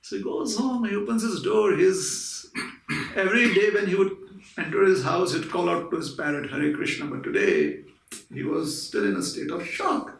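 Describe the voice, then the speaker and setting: Animated man telling a spiritual story. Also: high-pitched, normal speed, gravelly. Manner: animated storyteller, conversational asides. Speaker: lecturer. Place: room at a private home. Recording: echoey room, mic at a distance.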